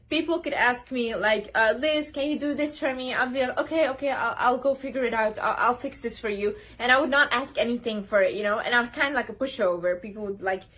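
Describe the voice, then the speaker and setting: A woman's voice: on the high side, sharp tone. A young woman giving a casual, emphatic motivational talk to camera, gesturing as she speaks. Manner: emphatic, talks with hand gestures.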